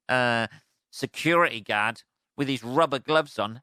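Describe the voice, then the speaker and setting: A man's voice: medium pitch, moderate pace, sharp tone, no echo. An English man hosting his own podcast, ranting alone in a loose, sweary, rambling way and mocking other people's voices. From England. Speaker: podcast host. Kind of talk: solo comedic rant.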